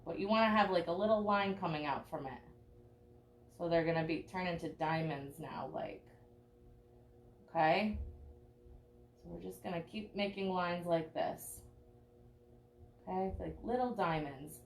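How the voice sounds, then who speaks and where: A woman's voice: fairly low pitch, measured pace, pauses often, a little hiss or hum. A young woman teaching a live online painting class, chatty and encouraging, checking in with "okay?" often. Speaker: art teacher.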